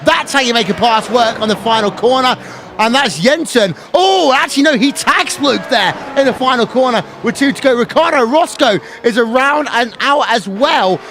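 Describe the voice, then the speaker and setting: A man giving fast, excitable play-by-play commentary on a sim race, building to shouts at the finish. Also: very high voice, a little hiss or hum.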